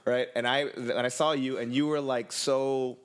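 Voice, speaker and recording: A man's voice: mid-range voice, steady tone, normal speed, clean tone. A man with a mid-range voice telling a story in casual chat. He rambles, keeps restarting his sentences, and laughs along as he talks.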